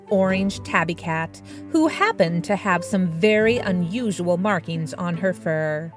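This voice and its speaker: A woman narrating her own children's storybook in an expressive way, slipping into character voices now and then. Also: medium pitch. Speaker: author and narrator. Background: background music.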